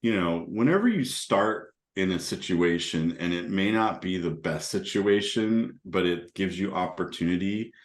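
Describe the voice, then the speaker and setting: A man's voice: low voice, animated, measured pace, hardly any pauses. A middle-aged man on a panel, telling casual anecdotes in an easygoing way and chuckling between points. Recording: roomy echo.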